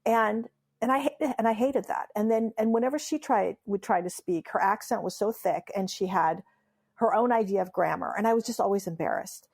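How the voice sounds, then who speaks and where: A woman's voice: mid-range voice, fairly quick, gravelly, a little mellow, slightly rough. A woman from Iran, a memoirist and humorist, telling stories in an interview with a playful, emphatic delivery and frequent laughs. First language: Farsi. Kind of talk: animated interview storytelling.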